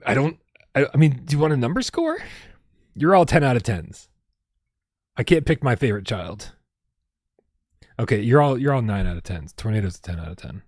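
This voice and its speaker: A man's voice: mid-range voice, a little mellow, no room sound, studio quality. A man hosting a casual gaming livestream at home, rambling and reading out viewer tips with lots of restarts. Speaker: livestream host.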